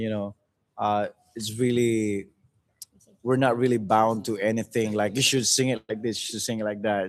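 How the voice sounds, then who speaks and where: Low-voiced Filipino man, frank and impassioned. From Philippines. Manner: frank, impassioned, repeats words. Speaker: music group member on a livestream. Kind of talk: casual chat.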